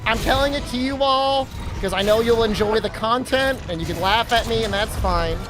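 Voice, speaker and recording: A man's voice: extremely high pitch, moderate pace, over music. A man livestreaming, telling a rambling, self-deprecating story in casual chatter.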